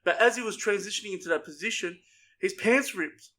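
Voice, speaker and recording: His high, bright voice carries a forceful tone and moves fairly quickly as the young co-host laughs his way through crude, swear-filled stories. It's a rowdy, casual storytelling chat on a podcast.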